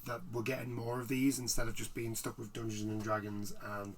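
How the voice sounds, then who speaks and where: A man's voice: mid-range voice, flat delivery, a little fast, slight background noise. A man, co-hosting a casual chat podcast, talking in rambling asides. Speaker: podcast co-host. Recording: slightly distant mic.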